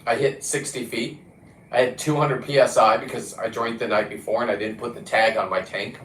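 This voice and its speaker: A man talks in a loose, rambling monologue, blunt and full of swearing. He often restarts his sentences mid-thought. His voice sits in an ordinary middle pitch, and the room gives it a noticeable echo. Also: steady tone, a little fast, a bit bright, slight background noise. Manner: blunt and profane, with frequent restarts. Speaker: diver and fishing vlogger. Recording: roomy echo.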